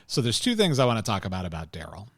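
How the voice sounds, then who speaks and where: A man's voice: fairly low pitch, huge pitch swings, fast talker, dry recording, clean studio sound. A man co-hosting a podcast, recapping a TV episode in casual chat, rambling and opinionated with lots of fillers and chuckles. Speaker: podcast co-host.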